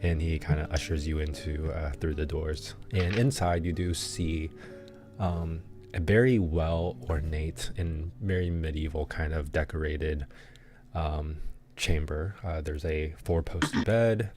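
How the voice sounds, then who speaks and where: A man with a very deep, low voice runs a tabletop role-playing session, describing scenes slowly and haltingly, often stopping to find his words. Faint guitar music sits under his narration. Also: steady tone, darkish tone. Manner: halting, many ums and restarts. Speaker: game master.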